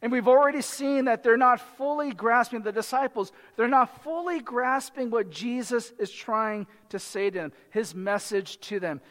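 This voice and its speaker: A pastor preaches in a conversational way, often checking in with the congregation and tossing in frequent "right?" asides. His voice is extremely high and a bit bright, moving at normal speed with hardly any pauses, and the sound carries the feel of a big room.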